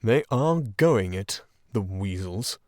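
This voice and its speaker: Steady badger leader for a storybook, a male narrator doing him, dry close sound. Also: lowish voice, slow, dry recording. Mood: calm. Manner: placid, commanding. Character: stout gruff male badger, calm leader.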